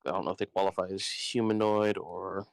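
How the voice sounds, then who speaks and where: Smooth-voiced, hesitant man checking rules. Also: low-pitched, level tone, fairly quick, poor audio. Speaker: player. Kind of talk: casual tabletop game chat.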